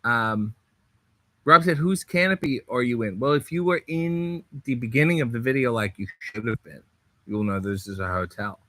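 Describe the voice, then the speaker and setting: A man hosting a livestream in a hotel room, reading out viewer comments in casual chat with sardonic, deadpan asides. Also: mid-range voice, normal speed, dry recording. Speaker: livestream host.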